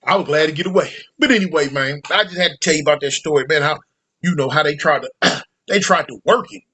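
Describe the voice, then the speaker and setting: A man's voice: a little high, quick pace, slightly rough. A man telling a prison story in casual slang, acting out the people he quotes. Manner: slangy, animated, acts out quoted voices. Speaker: storyteller recounting prison life.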